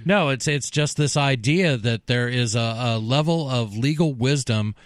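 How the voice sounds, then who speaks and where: A man's voice: mid-range voice, measured pace, no room sound, studio quality. A man hosting a talk radio show, giving emphatic, opinionated commentary.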